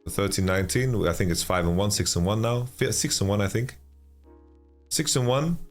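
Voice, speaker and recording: Man, very deep voice, sleepy stream commentary, faint music underneath. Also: quick pace. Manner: relaxed, stammering restarts, reads chat. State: sleepy, yawning. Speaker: esports caster and analyst.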